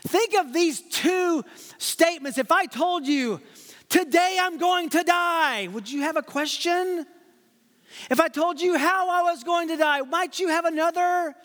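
Male pastor, high-pitched, dynamic sermon delivery, church hall reverb. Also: unhurried. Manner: dynamic, swings from loud rhetorical questions to hushed asides. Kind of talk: expository sermon.

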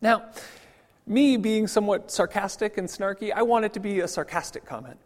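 A male pastor delivers a sermon in an easy, conversational manner, often stumbling and restarting his phrases. His voice sits a little high for a man, and the church around him rings with a long reverb. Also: moderate pace. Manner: conversational, frequent repeated restarts. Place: church sanctuary.

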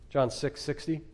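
Emphatic preacher with higher pitch. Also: male voice, gravelly, darkish tone, husky. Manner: emphatic preaching with dramatic pauses and rhetorical questions. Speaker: pastor. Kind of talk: expository sermon.

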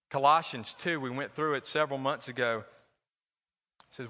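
Bright-voiced pastor preaching in an echoey church hall. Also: male voice, mid-range voice, fairly even intonation, moderate pace, long pauses. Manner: conversational, joking, anecdotal. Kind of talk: sermon.

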